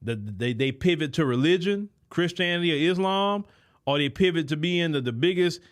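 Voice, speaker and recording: Male host, fairly high voice, emphatic lecturing commentary, filler-heavy. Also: expressive, moderate pace. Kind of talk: commentary monologue.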